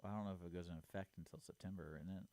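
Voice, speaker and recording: Teasing man, low voice, dry studio. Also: steady tone, racing, warm tone, dry recording. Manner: teasing, joking banter. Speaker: radio co-host. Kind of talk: casual on-air chat.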